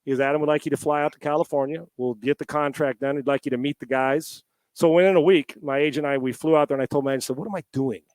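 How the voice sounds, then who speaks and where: A middle-aged man telling a story as a podcast guest. His voice sits a bit high for a man and sounds dry and close, as if picked up by a headset. He rambles in a lively way, restarting his sentences and swearing now and then. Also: rapid-fire, no echo. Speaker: podcast guest, former quarterback. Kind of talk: storytelling in a casual interview. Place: at home.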